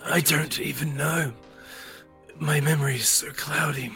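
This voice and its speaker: A feeble, half-conscious man forces out slow, halting words between labored breaths, as a man acts him out. His voice is faint and slightly raised. Soft music sits faintly behind. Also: fairly high pitch, steady tone, gravelly, pitched above the performer's own voice, full character voice. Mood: dazed. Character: weak, feverish man faking snakebite collapse.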